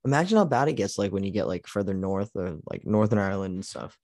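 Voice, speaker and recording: A man's voice: fairly low pitch, expressive, fast, hardly any pauses, a little mellow, no echo, studio quality. A man co-hosting a podcast in casual chat, laughing often and leaning on "like". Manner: laughs often, heavy use of "like". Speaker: podcast co-host.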